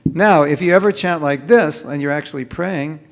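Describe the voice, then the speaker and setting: A man's voice: a little high, moderate pace, a little hiss or hum. A man leading a live chanting workshop for an audience, joking often and mimicking careless mumbled chanting to make his point. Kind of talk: humorous live workshop talk. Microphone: microphone.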